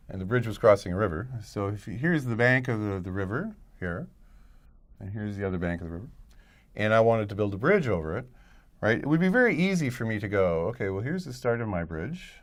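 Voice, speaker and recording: Low-voiced man lecturing casually. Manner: conversational, thinks aloud with restarts and frequent "right?". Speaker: college professor. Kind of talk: recorded lecture.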